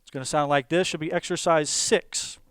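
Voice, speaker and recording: A man teaching a drum lesson, explaining patterns step by step in a calm, methodical way with small fillers. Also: a little high, moderate pace, noisy background. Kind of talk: instructional explanation.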